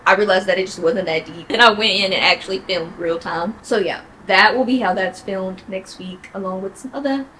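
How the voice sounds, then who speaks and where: A young woman talking casually to her viewers, chatty and animated, laughing often and jumping high in pitch when she quotes people. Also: fairly quick, hardly any pauses, slight background noise, poor audio. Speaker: vlogger. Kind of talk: casual chat to camera.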